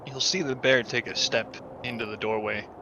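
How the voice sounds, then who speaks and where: A man narrating actions in a tabletop game in a level, even way. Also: mid-range voice, normal speed, highs cut off, background noise.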